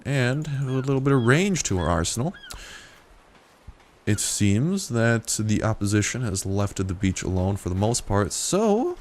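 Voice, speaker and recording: A man's voice: mid-range voice, darkish tone. Young man joking through gameplay. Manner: playful, joking, profane asides. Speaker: gameplay commentator. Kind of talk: casual let's-play commentary.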